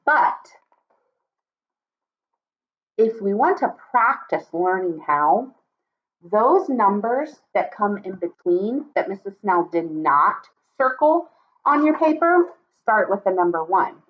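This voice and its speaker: A woman teaching a video lesson to young children from home, talking in an animated, sing-song way. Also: medium pitch, takes it slowly, highs cut off. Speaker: kindergarten teacher.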